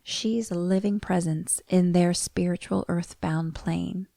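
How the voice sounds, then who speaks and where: A woman voicing a soft-spoken little woman psychic medium, hushed and solemn as she retells a film scene. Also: lowish voice, steady tone, unhurried, creaky, no room sound, clean studio sound.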